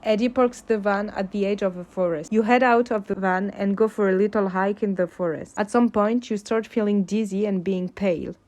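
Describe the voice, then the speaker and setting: A woman's voice: medium pitch, steady tone, normal speed, hardly any pauses, darkish tone. Woman reading a second-person fan story. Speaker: fanfic reader. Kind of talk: second-person audio fanfic narration.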